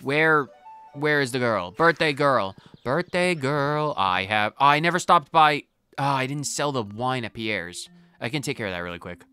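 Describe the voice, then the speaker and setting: A man giving casual gameplay commentary, rambling and talking to himself, going off on tangents with sudden jumps in loudness. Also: mid-range voice, lively intonation, measured pace, clean tone, faint music behind. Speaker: gaming video host. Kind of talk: casual let's-play commentary.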